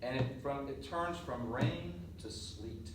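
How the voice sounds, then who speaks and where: A middle-aged man coaching on presentation skills, telling a lively story to a class and acting out the voices. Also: medium pitch, takes it slowly. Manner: animated storyteller, laughs and acts out voices. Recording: roomy echo, mic at a distance, faint noise.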